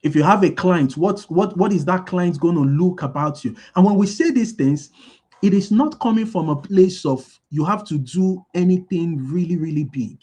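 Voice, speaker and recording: A man's voice: high-pitched, normal speed, warm tone, breathy edge. A man giving a motivational business talk, repeating key lines and asking his listeners to fill in the answers. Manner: asks the audience call-and-response questions. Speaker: business speaker.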